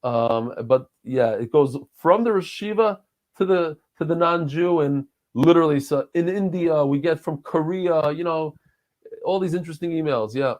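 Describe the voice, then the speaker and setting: A man's voice: a little high, normal speed, a little mellow. Man in his forties, rambling heartfelt talk. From New York and Israel. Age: 40s. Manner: rambling, heartfelt storytelling with frequent restarts. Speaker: guest. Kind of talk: casual conversation.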